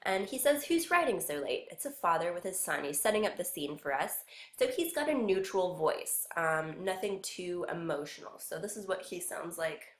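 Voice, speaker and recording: Lady music teacher, lowish voice, walks you through it patiently, kinda echoey room. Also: animated, moderate pace, background noise. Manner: patient, explains step by step. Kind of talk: explanatory music lesson. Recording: roomy echo.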